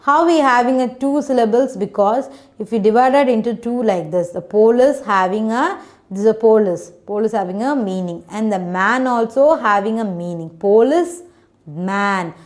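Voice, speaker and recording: A woman's voice: on the high side, normal speed. A woman teaching a phonics lesson to children, spelling words letter by letter and often asking "isn't it?". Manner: non-native English grammar, often asks "isn't it?".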